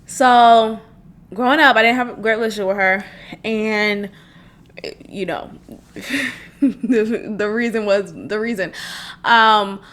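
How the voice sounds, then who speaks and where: A woman's voice: mid-range voice, takes it slowly, pauses often, fairly bright tone. A young adult woman hosting a solo podcast, telling a personal story in an earnest, conversational way with frequent restarts. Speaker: podcast host.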